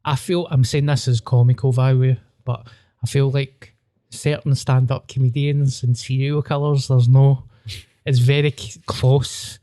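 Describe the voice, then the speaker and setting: A man's voice: medium pitch, level tone, a little slow, mellow, dry recording, clean studio sound. A Scottish man with a Glasgow accent, hosting a podcast and telling rambling, sweary stories in casual chat. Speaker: podcast host.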